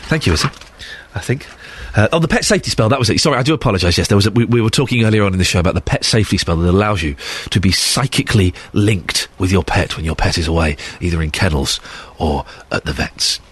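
Lively, husky, congested radio man. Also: sits low, fast. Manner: chatty, joking, self-deprecating. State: congested, bunged up. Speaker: stand-in radio presenter. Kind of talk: casual radio links. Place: radio studio. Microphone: studio microphone.

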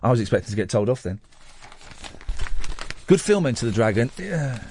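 A man's voice: mid-range voice, big pitch swings, moderate pace, darkish tone, slight background noise. A middle-aged man hosting a late-night radio phone-in, rambling and self-mocking as he chats with callers.

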